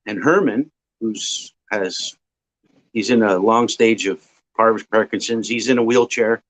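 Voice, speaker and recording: A man's voice: on the low side, a bit bright. Man telling a rambling story. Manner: rambling, frequent filler pauses. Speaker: guest. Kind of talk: casual storytelling. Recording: dull lo-fi audio.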